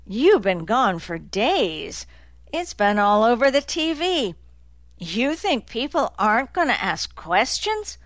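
A woman reading the lines of a big, slow-witted young man who grumbles and gets defensive. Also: fairly high pitch, big pitch swings, dry recording, pitched above the performer's own voice. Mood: sullen, grumbling.

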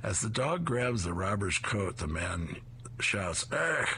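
A man's voice: sits low, slow, a little hiss or hum. A man hosting a show where he reads comic strips aloud, narrating the panels with animation. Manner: animated, chuckles after punchlines.

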